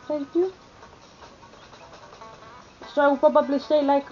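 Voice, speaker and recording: This young Greek vlogger, with an Athenian accent and a high voice, speaks at a measured pace with fairly even intonation and long pauses. She chats casually and ramblingly, with many fillers and restarts, over soft background music in a recording whose highs are cut off.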